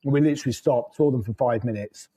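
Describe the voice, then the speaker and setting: A man's voice: medium pitch, fast talker, warm tone, breathy edge, poor audio. A man, a podcast guest telling road stories in a loose, rambling way, laughing and swearing as he goes. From England. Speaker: podcast guest, motorcycle traveler. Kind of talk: casual storytelling.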